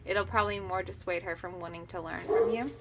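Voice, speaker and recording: A woman dog trainer calmly explaining puppy training, methodical and often pausing to hesitate. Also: on the low side, a loud crowd. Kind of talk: instructional explanation.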